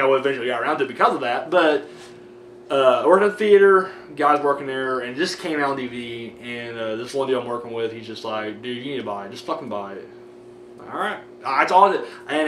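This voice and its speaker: Young dude rambling and cussing about movies, sounds a bit far from the cam, echoey room, faint hiss behind. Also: male voice, medium pitch. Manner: rambling, excitable, heavy swearing and fillers. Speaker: DVD collection vlogger. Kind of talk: casual profane movie chat. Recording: roomy audio from a camera mic set back.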